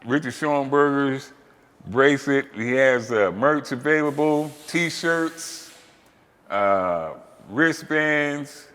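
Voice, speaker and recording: A man hosting, telling a story casually, swearing freely and breaking into loud, animated outbursts. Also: mid-range voice, slow pace, in a large hall. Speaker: host.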